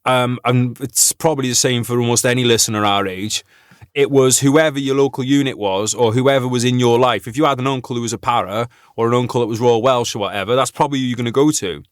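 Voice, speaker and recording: Brief: male veteran podcast host, mid pitch, dry close sound, loose sweary laughing banter. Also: fast talker, clear, resonant tone, no echo. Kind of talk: casual chat.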